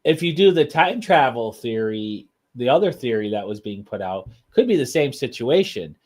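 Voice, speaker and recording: A man's voice: mid-range voice, sing-song, moderate pace, darkish tone. A man co-hosting a podcast, talking casually in an easygoing, agreeable way. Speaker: podcast co-host. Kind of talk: casual chat.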